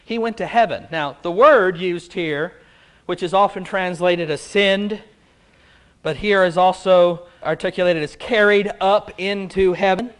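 A man with a high voice delivers a sermon in a loose, conversational way. He keeps it playful and throws questions out to the people in front of him. He sounds like a pastor speaking to a congregation in a church. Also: a little slow. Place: church before a live congregation.

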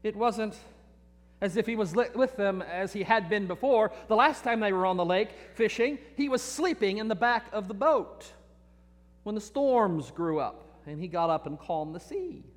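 A man's voice: high-pitched, lively intonation, moderate pace, big-room sound. A man preaching a sermon, telling stories in an earnest way and often repeating his words. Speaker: pastor.

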